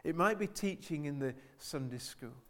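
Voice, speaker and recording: A man's voice: a little high, expressive, moderate pace, fairly bright tone. A man preaching a sermon to his church in an earnest way, often repeating phrases and asking the congregation rhetorical questions.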